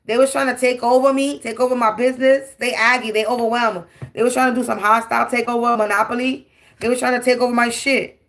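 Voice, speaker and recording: A woman's voice: a little high, little pitch movement, quick pace, a bit bright. A woman, giving a brash, profane, taunting spiritual tarot monologue. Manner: taunting, repetitive, defiant.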